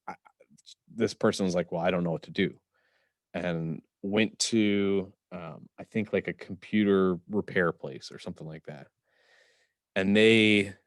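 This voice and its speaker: Brief: young guy, very low voice, halting chatty storyteller, dry close sound. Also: no room sound. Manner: halting, with "um" and "like" fillers. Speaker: podcast co-host. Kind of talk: casual storytelling.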